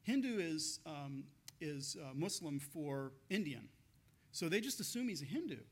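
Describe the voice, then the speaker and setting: A man's voice: fairly high pitch, sing-song, measured pace. A man pastor giving a conversational sermon, telling stories with frequent laughs and restarts.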